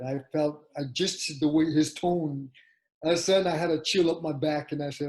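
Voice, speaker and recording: An older man tells a story from his youth in a loose, rambling way. He keeps restarting his sentences and slips into the voices of the people he quotes. His voice sits a little high for a man. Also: fairly even intonation, brisk, a little mellow, rough recording. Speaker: martial arts champion telling his story. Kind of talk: casual spoken reminiscence.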